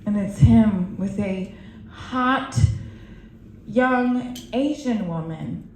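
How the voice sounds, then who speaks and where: A woman in her forties doing a stand-up set, telling stories in a brash, profane, animated way on a comedy club stage. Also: medium pitch, drawn-out words, slight background noise. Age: 40s. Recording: roomy live club sound.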